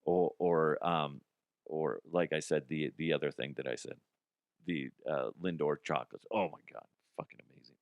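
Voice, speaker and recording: A man's voice: medium pitch, a bit bright, dry recording, clean studio sound. A middle-aged man hosting a comedy news show, rambling casually with profanity and lots of restarts.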